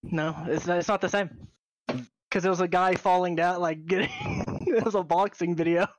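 A man's voice: high-pitched, moderate pace, dry recording. A young man co-hosting a casual podcast, joking and laughing often. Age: young adult. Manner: animated, laughs often, jokey. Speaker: podcast co-host. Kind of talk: casual chat.

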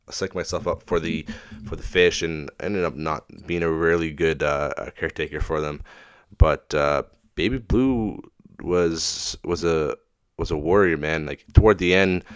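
Deep-voiced young man, rambling podcast talk. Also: smooth, no echo, studio quality. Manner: rambling, profane, laid-back. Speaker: podcast host. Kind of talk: casual podcast monologue.

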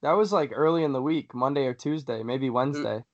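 A man's voice: mid-range voice, a little fast. Hyped young male podcast host, lo-fi sound. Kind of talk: casual sports podcast chat. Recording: dull lo-fi recording.

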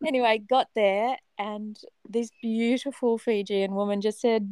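A woman in her forties telling a personal story in a casual chat, animated and dramatic, often laughing. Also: a little high, a little slow, clear, resonant tone, no room sound.

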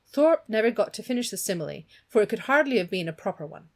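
A woman's voice: medium pitch, big pitch swings, fast talker. A woman reading a novel aloud with expression, voicing the characters and stopping to chat about the story. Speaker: reader of a novel.

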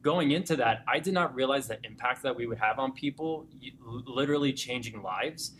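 A young man with a mid-pitched voice recounts his fitness clients' transformations in a lively, conversational interview. He speaks in quick, excited bursts full of restarts and asides. Faint ambient noise sits underneath. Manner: animated storyteller, grows excited and emotional when recounting clients. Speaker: fitness gym owner or coach.

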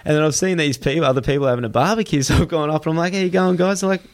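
A man's voice: on the high side, very fast. A young adult man, hosting a casual chat and acting out quotes as he tells stories. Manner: animated storyteller who acts out quotes.

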